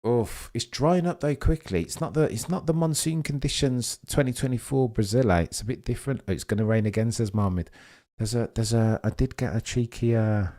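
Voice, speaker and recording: A young man hosting a live race watchalong, talking excitably and rambling while he reads out viewers' chat comments. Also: medium pitch, a little fast. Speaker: live stream host.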